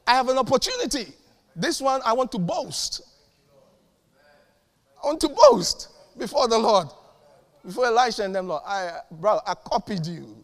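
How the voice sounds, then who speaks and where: Man preaching a sermon, pretty high voice, big church reverb, gets loud then drops quiet. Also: very animated, normal speed, long pauses. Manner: fervent preaching with sudden loud peaks and quiet asides. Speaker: pastor.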